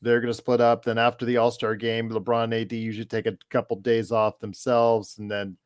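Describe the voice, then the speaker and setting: A man's voice: mid-range voice, monotone, a little fast, clear, resonant tone, no echo, studio quality. A man hosting a casual sports podcast, teasing his co-host and keeping the show moving in an upbeat way. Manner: teasing, upbeat, wraps up segments. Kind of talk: casual sports talk banter.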